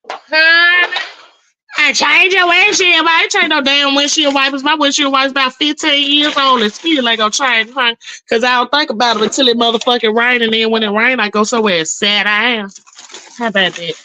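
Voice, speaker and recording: On a rough recording with a little hiss or hum, a middle-aged woman's voice sits high, steady and sharp. She's a livestream host chatting casually and profanely as she does chores, addressing viewers as honey and girl. Her stories come out drawn-out and emphatic.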